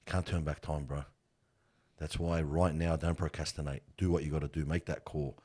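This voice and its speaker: Deep, husky-voiced middle-aged man. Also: fairly even intonation, normal speed, darkish tone. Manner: earnest, emphatic, slangy with frequent "bro". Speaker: funeral worker and guest. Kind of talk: heartfelt conversational storytelling.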